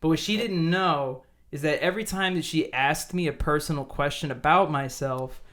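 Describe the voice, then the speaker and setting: A young man co-hosting a podcast, telling a story in a casual, animated way and acting out both sides of the conversation. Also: on the high side, normal speed. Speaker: podcast co-host.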